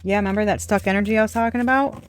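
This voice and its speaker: A tarot reader giving a casual, rambling intuitive reading straight to viewers, with soft laughs and the odd swear word. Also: medium pitch, steady tone, racing, faint music behind. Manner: rambling, chatty, speaks to unseen viewers.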